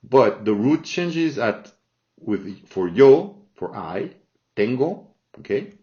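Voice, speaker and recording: Slow man teaching grammar, lo-fi sound. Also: mid-range voice, big pitch swings, mellow. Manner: slow, repeats forms, checks in with "all right?". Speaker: Spanish teacher. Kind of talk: explaining grammar from a chart. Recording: dull lo-fi sound.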